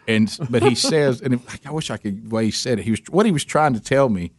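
Male radio host, animated storyteller. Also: mid-range voice, fast talker, dry recording. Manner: animated storyteller, jokey asides; clowns through a mangled French accent. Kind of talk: casual morning-show banter.

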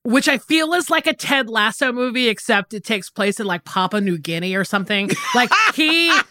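A woman's voice: a little high, expressive, normal speed, bright, forceful tone, no echo, studio quality. A woman co-hosting a podcast in casual chat, rambling in sentences that trail off. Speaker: podcast co-host.

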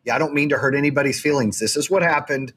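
A man's voice: fairly high pitch, fast talker, fairly bright tone, a little hiss or hum. A man hosting a podcast, chatting casually and earnestly, rambling with frequent restarts. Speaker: podcast host. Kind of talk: casual interview chat.

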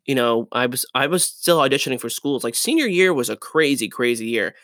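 A young man, a Broadway dancer, chatting as an interview guest, animated and laughing often as he tells stories. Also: medium pitch, fairly quick, no echo, clean studio sound. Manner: animated, laughs often, restarts and trails off mid-sentence. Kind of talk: casual interview storytelling.

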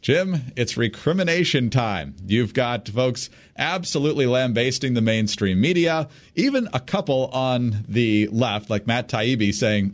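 A man's voice: mid-range voice, expressive, measured pace. A man co-hosting a political talk podcast, teasing and sardonic as he reads the news. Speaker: podcast co-host. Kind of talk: casual political chat.

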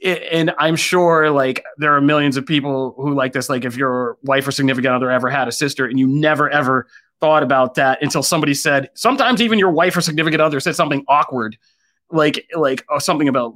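A man's voice: a little high, quick pace. A man co-hosting a podcast, chatting casually and retelling scenes with acted-out quotes. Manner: animated storyteller, acts out quoted lines. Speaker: podcast co-host. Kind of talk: casual podcast review chat.

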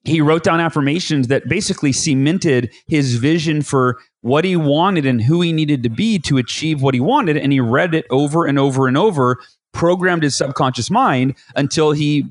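Energetic man telling his story, dry close mic. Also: on the high side, dry recording. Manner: energetic, talks fast, acts out his own thoughts in quotes. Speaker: guest author. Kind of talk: animated interview storytelling.

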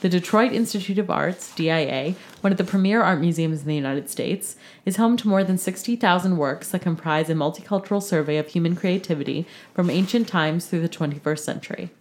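A woman co-hosting a radio show, reading a formal sponsor announcement in a steady voice. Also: fairly low pitch, brisk, few pauses, slight background noise. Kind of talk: scripted announcement read.

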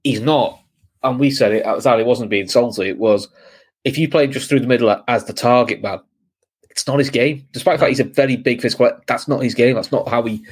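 A man with a slightly husky voice rushes through his takes in a casual football chat. He jumps in quickly with opinions. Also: mid-range voice. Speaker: pundit.

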